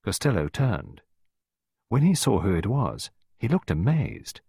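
A low-pitched man reads a story aloud with lively, widely varied intonation. His voice is a little husky, and the recording is dry and close. The reading stays expressive throughout. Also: measured pace, no echo. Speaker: audiobook narrator. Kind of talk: scripted storybook narration.

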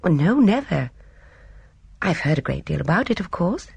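A reader voicing a gentle, thoughtful elderly woman who speaks in a mild, courteous, measured way. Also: mid-range voice, sing-song, creaky, husky, no echo, voice pushed up, heavily acted. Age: older.

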